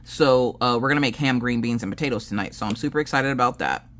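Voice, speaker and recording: Slight background noise accompanies a fast-talking woman with a bass voice and a Southern American accent who hosts a crafting channel. She's a chatty storyteller, spinning lengthy family anecdotes, performing what everyone said, and swearing freely as she works.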